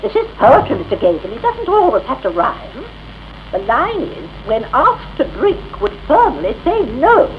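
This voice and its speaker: Prim female voice teacher, crisp diction, very sing-song pitch, dull hissy old radio tape. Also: huge pitch swings, normal speed. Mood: instructive. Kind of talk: 1960s radio drama. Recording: dull, lightly hissy 1960s off-air tape.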